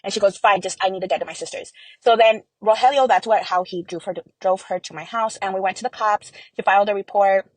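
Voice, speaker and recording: A woman's voice: medium pitch, fast talker, no room sound, rough recording. A young adult woman giving an earnest personal account in an interview, full of fillers and quoted dialogue. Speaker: interview guest.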